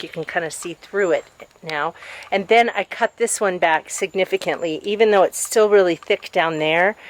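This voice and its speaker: A woman's voice: on the low side, reverberant. A woman vlogger chatting casually to her viewers, rambling with lots of fillers and restarts. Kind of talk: casual chat to camera.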